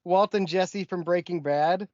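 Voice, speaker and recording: A man's voice: high-pitched, a little slow, a little mellow, no room sound. Podcast co-host, man, rambly and chuckling, close dry mic with dull lo-fi sound. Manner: rambling, lists things with many ums, chuckles. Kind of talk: casual chat. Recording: dry, muffled lo-fi podcast audio.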